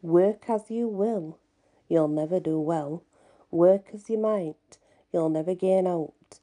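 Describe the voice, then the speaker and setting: A woman voicing a wicked, wrinkled little male imp in a storybook reading, speaking in a sly, taunting, hushed way. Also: lowish voice, takes it slowly. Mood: chanting.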